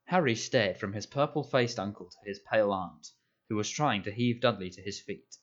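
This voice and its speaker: A man reading an audiobook aloud in a measured storytelling manner. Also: on the low side. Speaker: audiobook narrator. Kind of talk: scripted narration. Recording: dull lo-fi audio.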